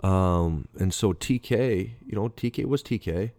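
A man's voice: on the low side, measured pace, vocal fry, dark tone, no echo. A middle-aged man, a former professional baseball player, tells a rambling story, acting out dialogue and breaking off mid-sentence. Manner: rambling, acts out dialogue, self-interrupting. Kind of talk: anecdotal storytelling.

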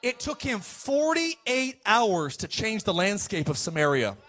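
Guy preaching, pretty high voice, goes loud then drops soft, keeps asking for amens. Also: sing-song, a little slow. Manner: swings between loud calls and quiet asides, asks for amens. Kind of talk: sermon.

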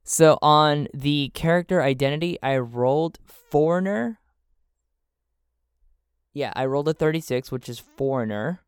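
A man's voice: on the high side, a little slow, smooth, no echo, clean studio sound. A man narrating a solo tabletop role-playing game, thinking aloud as he checks his rolls and charts. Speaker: solo game master and player.

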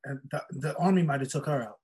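A co-host in a casual movie review chat, relaxed and agreeable, often chuckling. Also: mid-range voice, quick pace, over a noisy crowd.

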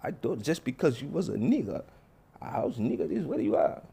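Man playing a prim formal gentleman, raised pitch, sing-song, keeps apologizing. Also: sing-song, brisk, vocal fry, slightly rough, full character voice. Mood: prim politeness. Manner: stiff, overly formal, apologetic. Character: overly polite formal man, insulting with courtesy. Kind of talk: comedy skit voices.

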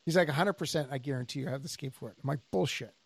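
A man co-hosting a podcast as a jiu-jitsu instructor, telling stories in a casual, animated way and acting out the people he quotes. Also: medium pitch, rapid-fire, gravelly, no room sound. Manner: animated storyteller, acts out quoted dialogue.

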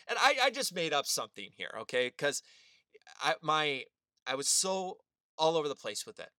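A young man hosting a sports radio show, telling a story in an animated, earnest way. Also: a little high, moderate pace, dry recording, studio quality. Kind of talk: sports opinion monologue.

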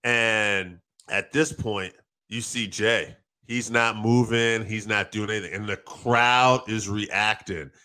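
A man co-hosting a casual wrestling talk show, excitedly recapping a match and swearing freely. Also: on the low side. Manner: excited, quick storytelling with acted quotes and profanity.

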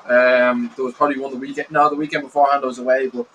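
A man co-hosting a casual podcast, laid-back and quick to laugh. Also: mid-range voice, little pitch movement, fairly bright tone, muffled recording, a little hiss or hum. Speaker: podcast co-host.

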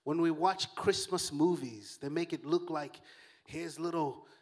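Pastor, male, high-pitched voice, lively joking sermon delivery. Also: a little slow. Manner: animated, joking preacher who calls out to the congregation.

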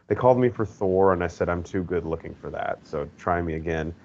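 A man voicing a laid-back male actor with a deadpan delivery, a little lower than his usual voice. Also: a little fast, highs cut off, a little hiss or hum.

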